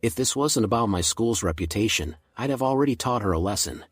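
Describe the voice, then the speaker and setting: A man's voice: lowish voice, animated, fairly quick, slightly rough, no room sound, clean studio sound, soft background music. A man voicing a stern, pompous school principal who snaps at reporters.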